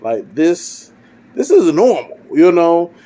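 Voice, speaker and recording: A man's voice: on the high side, sing-song, slow pace, warm tone, voice pushed up. A man voicing a cautious, worried farmer husband who tries to reason his way through things.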